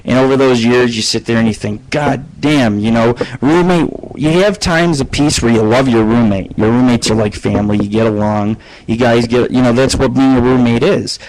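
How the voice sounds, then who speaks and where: A man's voice: medium pitch, normal speed, hardly any pauses, darkish tone, low-quality recording. A man hosting his own internet radio show, telling rambling stories with lots of swearing. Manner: profane, rambling, storytelling. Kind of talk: casual rambling monologue.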